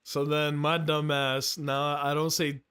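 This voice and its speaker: A man's voice: a little high, flat delivery, a little slow, a bit bright, clean tone, soft background music. A male streamer chatting casually while reacting to a game, joking crudely and laughing often.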